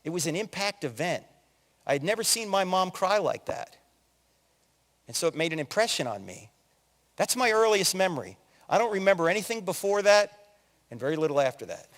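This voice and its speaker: A man in his sixties from New Jersey giving an animated, joking story-driven talk as a conference speaker, acting out quotes in other voices. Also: high voice, a little fast, long pauses. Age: 60s. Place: large hall with audience. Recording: long hall reverb.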